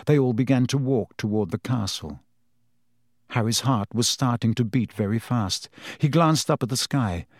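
Brief: male audiobook narrator, mid-pitched, even pacing, dead-dry booth. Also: moderate pace, no room sound. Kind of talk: scripted narration.

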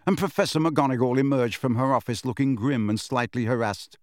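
A man reading a novel aloud as audiobook narration, in measured, expressive storytelling. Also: medium pitch, dry recording, clean studio sound. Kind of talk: scripted narration.

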